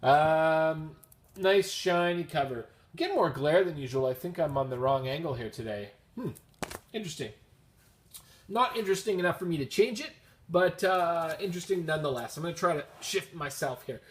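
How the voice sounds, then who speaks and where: A man's voice: a little high, animated, moderate pace. A man with a Canadian accent, chatting casually and upbeat at home as he shows off his comic haul, wandering into rambling asides. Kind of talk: casual chat.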